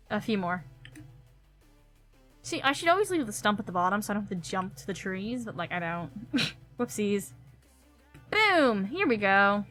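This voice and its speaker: A woman's voice: on the high side, fairly bright tone. A young woman streaming a game, chatting casually and giggling as she thinks aloud. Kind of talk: casual gameplay commentary.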